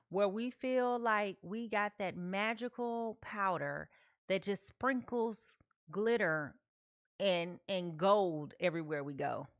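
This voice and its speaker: A woman does a live tarot reading in a medium-pitched, slightly bright voice, recorded clean in a studio with no echo. She's chatty, keeps asking "okay?" and talks directly to her viewers.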